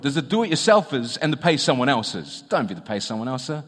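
A man's voice: mid-range voice, big pitch swings, brisk, few pauses, fairly bright tone, big-room sound. A man giving a public talk, conversational and tossing rhetorical questions at the audience. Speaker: public speaker.

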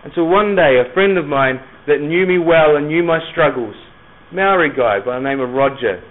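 A man's voice: a little high, animated, moderate pace. A middle-aged man sharing a personal Christian testimony in an earnest, emphatic storytelling manner. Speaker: Christian speaker. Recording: tinny phone-like recording.

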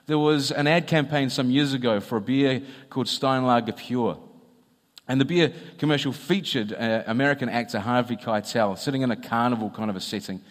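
A man's voice: mid-range voice, a little fast, long reverb tail. A man giving a public talk, conversational and tossing rhetorical questions at the audience. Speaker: public speaker.

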